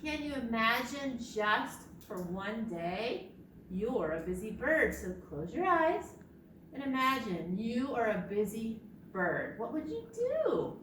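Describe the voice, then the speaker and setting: A woman's voice: fairly high pitch, big pitch swings, takes it slowly, fairly bright tone, slight background noise. A young adult woman, a children's librarian, leading a preschool storytime in a library, sing-song and calling on the children to join in. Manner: sing-song, leads children in bird sounds and movements. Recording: echoey room, distant mic, faint ambience.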